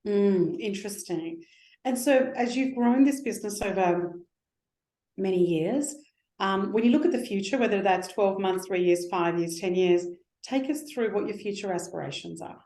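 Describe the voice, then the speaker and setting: A woman interviewing a guest, affirming answers and asking long, drawn-out questions. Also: mid-range voice, dark tone. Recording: echoey room.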